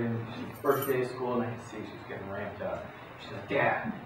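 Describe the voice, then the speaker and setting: A middle-aged man giving a talk to parents in a folksy, relaxed way, full of restarts and acted-out quotes. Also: mid-range voice. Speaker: psychologist speaking to parents. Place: school hall or auditorium. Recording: echoey hall, voice far from mic, dull sound, noisy.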